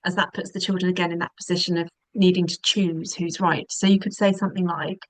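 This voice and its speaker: A woman, a divorce specialist giving calm, measured webinar advice with frequent ums. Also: lowish voice, dry recording, low-quality recording.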